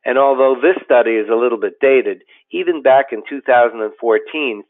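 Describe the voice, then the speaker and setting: Man presenting a webinar over tinny audio. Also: mid-range voice. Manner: steady, explanatory, with occasional fillers and restarts. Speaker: company president presenting a business webinar.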